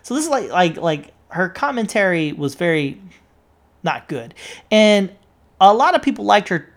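A woman's voice: mid-range voice, very animated, moderate pace. A woman telling a story in a casual monologue, rambling and swearing, with many fillers and restarts. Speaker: social media poster recounting an argument.

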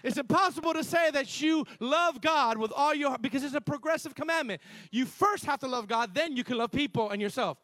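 A man preaching a sermon as pastor, telling stories with sudden loud emphasis and quiet asides, often restarting phrases and calling on the congregation to respond. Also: very high voice, fairly quick, hardly any pauses, dry recording. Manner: animated storytelling, shifting between loud emphasis and quiet asides.

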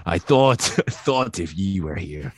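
A man's voice: low-pitched, husky, dry recording, exaggerated voice. A man doing Norman Osborn with a shaky brogue. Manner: theatrical, drifting in and out of the accent. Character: scheming older male industrialist with a brogue.

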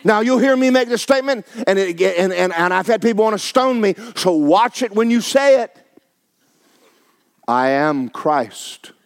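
A man's voice: sits high, fairly quick, gravelly, hardly any pauses. A middle-aged male pastor, preaching a sermon in a folksy, emphatic way and repeating phrases for effect.

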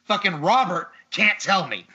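Exasperated and cursing without restraint, a male podcast host recounts a story in casual conversation, animated but a little slow. His very bright voice sits slightly high, heard through slightly dull, lo-fi audio.

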